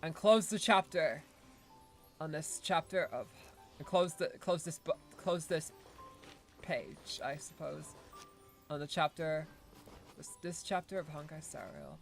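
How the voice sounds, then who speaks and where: A woman's voice: deep voice, measured pace, pauses often, faint music behind. A woman streamer giving casual, rambling gameplay commentary, often correcting herself and laughing.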